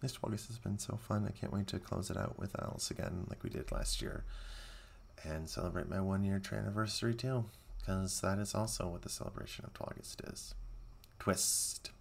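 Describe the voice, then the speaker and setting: A man hosting a podcast, giving excitable, sarcastic running commentary while watching a movie. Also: low voice, moderate pace, creaky, husky. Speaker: podcast host.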